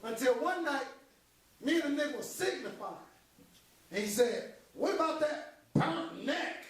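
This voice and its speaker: A man's voice: very high-pitched, expressive, unhurried, a bit bright, exaggerated voice. An actor on a theater stage playing a veteran male stand-up comic who teases the crowd and then turns reflective. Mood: joking. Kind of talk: live stage stand-up impression. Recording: very echoey hall heard from far off.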